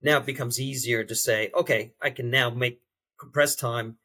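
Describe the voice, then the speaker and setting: A man being interviewed as a guest on a podcast, speaking in a halting, reflective way with frequent restarts. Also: mid-range voice, fairly even intonation, pushed and bright. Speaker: podcast guest, behavior change specialist. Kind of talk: interview conversation.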